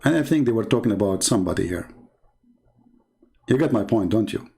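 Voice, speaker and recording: A man with an Arabic accent hosts a live stream and reads out viewer comments. He talks in a mocking, combative way, repeats himself and jumps into high, scornful outbursts. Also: lively intonation, a little fast, gravelly, dark tone, rough recording. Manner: mocking, taunting, with sudden high-pitched outbursts. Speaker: livestream host reading viewer comments.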